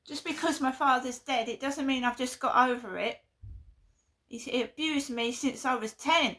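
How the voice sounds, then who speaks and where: A woman's voice: high voice, moderate pace, a bit bright. A woman venting emphatically in a vlog, repeating her points in an aggrieved way. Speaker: vlogger.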